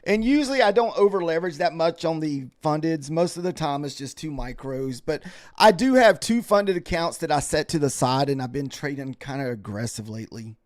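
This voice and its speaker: Man, tired and yawning, rambling live-stream trading talk, dry close sound, slightly high voice. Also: a little fast, hardly any pauses, no room sound. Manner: relaxed, rambling, thanks followers by name. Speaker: livestream futures trader. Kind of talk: casual live-stream commentary.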